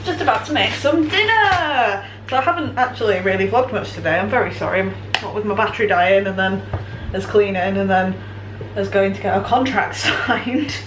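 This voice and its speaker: A woman's voice: mid-range voice, moderate pace, background noise. Chatty English woman vlogging at home. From England. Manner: chatty, self-mocking, giggly asides. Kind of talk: casual vlog chat.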